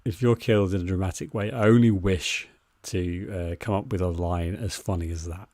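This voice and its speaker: A British man with a fairly low voice, co-hosting a podcast in relaxed chat. He teases his co-host with dry wit, recorded close and dry. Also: fairly quick, dry recording. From Britain.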